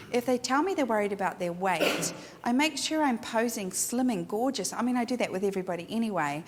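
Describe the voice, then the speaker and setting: Middle-aged woman teaching photography, blunt and animated, big reverby room with a bit of hiss. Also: medium pitch. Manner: frank, emphatic, animated storyteller. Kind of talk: instructional talk to a class. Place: photo studio. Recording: long hall reverb with faint noise.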